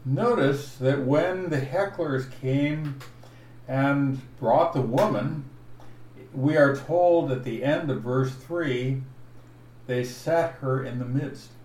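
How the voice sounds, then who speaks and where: A man preaching an expository Bible sermon, teaching slowly and deliberately and stressing each verse he points to. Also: medium pitch, a little mellow. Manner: slow, deliberate teaching with emphatic verse references. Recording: echoey room, voice from afar, faint noise.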